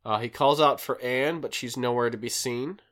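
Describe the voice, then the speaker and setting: A man's voice: mid-range voice, fairly even intonation, normal speed, a bit bright. A man hosting a podcast who recaps a show in a rambling, casual way, full of fillers. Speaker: podcast host recapping an episode. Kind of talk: casual chat.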